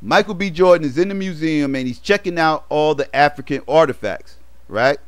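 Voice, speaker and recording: Smooth-voiced man rambling through a movie recap. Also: a little high, moderate pace, fairly bright tone, dry recording. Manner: loose, rambling retelling full of fillers and slang. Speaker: movie reviewer. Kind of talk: casual movie plot recap.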